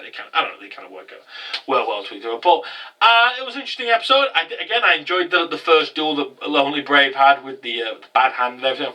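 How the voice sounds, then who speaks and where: A man recaps an anime episode in a loose, rambling vlog style, his voice climbing into loud, incredulous outbursts. His tone is very bright and edgy. He sounds a little distant from the microphone. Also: medium pitch. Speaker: anime reviewer.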